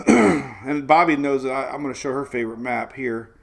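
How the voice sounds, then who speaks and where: Chatty gravelly-voiced man hosting weather. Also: mid-range voice, moderate pace. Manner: chatty, rambling, laughs often, greets viewers. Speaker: weather show host. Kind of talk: casual live weather stream chat.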